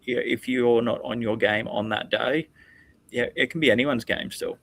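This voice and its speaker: Gravelly laid-back Australian man. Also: mid-range voice, steady tone, normal speed, fairly bright tone. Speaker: chilli eating competitor. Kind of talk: casual interview answer.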